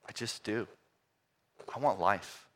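A man preaching a sermon, swinging between loud emphatic lines and quiet, hushed ones. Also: fairly low pitch, slow pace.

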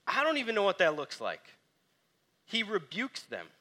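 Guy preaching, kinda high voice, acts stuff out then goes real quiet and soft. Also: wildly swooping pitch, moderate pace. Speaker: pastor. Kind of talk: sermon.

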